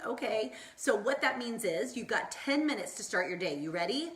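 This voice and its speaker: A woman's voice: fairly high pitch, expressive, a little fast, few pauses, a bit bright. Bubbly motivational woman in an echoey room. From Southern California. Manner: bubbly, tangent-prone, acts out quoted voices. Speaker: wellness vlogger. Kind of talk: upbeat motivational Facebook Live chat. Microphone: phone or laptop mic, live stream.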